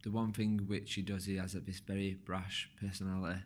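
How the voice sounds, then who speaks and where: A man hosts a podcast in an easygoing, conversational way. His voice sits a bit low, and his words slur together when he talks fast. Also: a little hiss or hum. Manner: relaxed, slurs words when talking fast. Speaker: podcast host.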